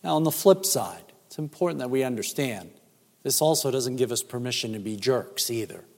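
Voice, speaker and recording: A man preaching a sermon as pastor, emphatic and measured, with rhetorical questions. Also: medium pitch, lively intonation, darkish tone. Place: church sanctuary. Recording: church hall reverb.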